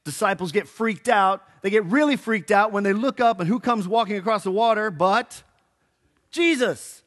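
A pastor with a high-sitting male voice preaches a sermon in church at a moderate pace. He tells the story casually and playfully, acting out quotes with animation and tossing in the occasional joke.

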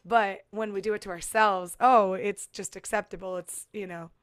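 A woman's voice: mid-range voice, fairly even intonation, moderate pace, clear, resonant tone, no room sound, clean studio sound. A woman musician chatting casually, talking through her thoughts with many fillers and restarts. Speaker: musician and podcast guest. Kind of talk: casual chat. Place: San Diego.

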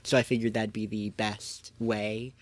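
A man's voice: lowish voice, little pitch movement, measured pace, no echo. A man co-hosting a podcast in casual chat, explaining things with hesitant restarts. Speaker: podcast co-host.

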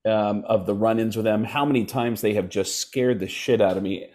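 A man who is a comedian guest, telling animated stories and switching into voices for the people he quotes. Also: on the low side. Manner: lively anecdotes with quick voice switches for quoted people. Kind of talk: animated storytelling chat.

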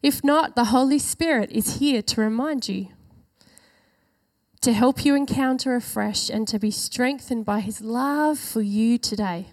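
Female preacher, high voice, earnest sermon delivery with slow, stressed phrases. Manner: earnest, emphatic, slows for key phrases.

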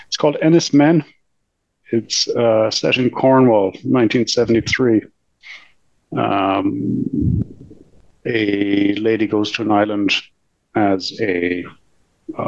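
A man's voice: on the low side, gravelly, dry recording. A man, co-hosting a film review podcast, who is blunt and dryly sarcastic. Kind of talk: casual film review chat. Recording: dull, muffled lo-fi mic.

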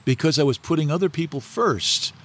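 A man's voice: fairly high pitch, animated, brisk, background noise. Rambling middle-aged man telling stories. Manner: rambling, anecdotal, with many fillers and restarts. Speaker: interview guest. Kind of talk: casual storytelling interview.

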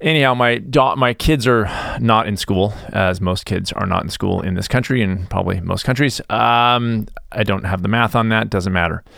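A man's voice: fairly low pitch, moderate pace, vocal fry, hardly any pauses, fairly bright tone, no room sound, clean studio sound. A middle-aged man hosting his own podcast, talking in a rambling, jokey way with mock-defensive asides. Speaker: podcast host. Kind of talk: casual solo podcast monologue.

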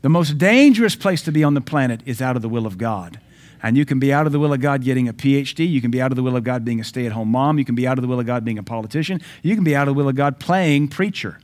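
A man preaching a sermon as pastor, emphatic, swinging between loud declarations and quieter asides. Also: medium pitch, fast.

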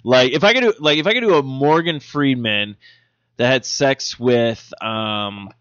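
Male co-host, playful and joking, bright voice, dry dull-sounding recording. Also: medium pitch, smooth, dry recording. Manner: joking, playful, quick to laugh and try voices. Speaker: podcast co-host. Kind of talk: casual chat.

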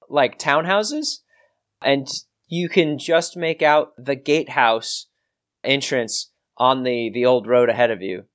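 A man's voice: fairly high pitch, a bit bright. A man narrating a tabletop game as game master, rambling and hesitant with many restarts.

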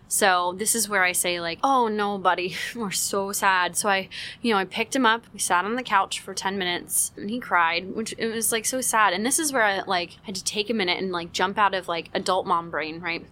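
A mother telling a parenting story in a casual teaching talk, animated, with frequent "like" and quick acted-out quotes. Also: medium pitch, a little hiss or hum.

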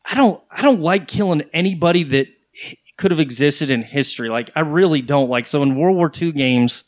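A man's voice: a little high, fairly quick, no echo. A man hosting a podcast, telling long candid stories in casual chat, with some swearing. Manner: rambling, candid storyteller with swearing. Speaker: podcast host.

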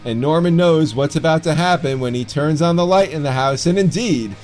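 A man's voice: on the high side, normal speed, a little mellow, faint music behind. A man co-hosting a fan podcast who recaps the story with wry, sarcastic asides and speaks with a slight lisp. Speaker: podcast co-host. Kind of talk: casual podcast chat and plot recap.

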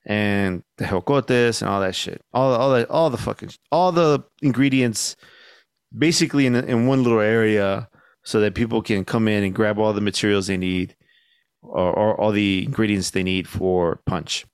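A young man on a podcast telling a story in casual chat, laid-back and swearing a lot, acting out the shouted lines he quotes. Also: fairly low pitch, steady tone, normal speed, clear, resonant tone, dry recording, studio quality. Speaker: podcast co-host.

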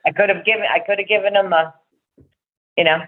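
A woman's voice: medium pitch, fairly even intonation, fast. A middle-aged woman in casual chat, telling a rambling fan story and acting out the voices of the people in it. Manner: chatty storyteller, acts out quoted voices. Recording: tinny phone line.

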